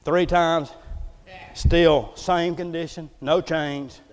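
High-voiced preacher in a reverberant hall. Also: male voice, fairly even intonation, slow pace. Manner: folksy and emphatic, swings from loud to hushed. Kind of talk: storytelling sermon.

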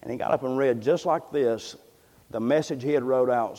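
A man preaching a sermon in a church, moving from hushed, low passages to loud, fervent ones. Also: moderate pace, big-room sound. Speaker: pastor. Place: church sanctuary.

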